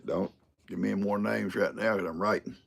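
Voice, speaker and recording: A man's voice: fairly low pitch, steady tone, normal speed, gravelly, breathy edge. An older man hosting a livestream, telling folksy stories, acting out quotes and laughing often. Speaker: livestream host. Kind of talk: casual livestream chat.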